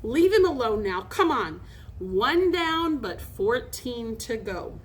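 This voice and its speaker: A woman's voice: fairly high pitch, sing-song, takes it slowly, a little hiss or hum. Woman doing a nervous, quavering young boy. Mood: uneasy. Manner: hearty but quavering. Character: nervous young boy trying to sound brave.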